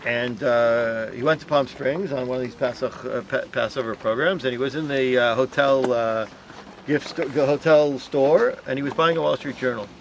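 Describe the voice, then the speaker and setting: Gravelly man telling a story to a group. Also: medium pitch, moderate pace, slight background noise. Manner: animated, acts out voices in stories. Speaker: tour guide. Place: outdoors at a memorial site.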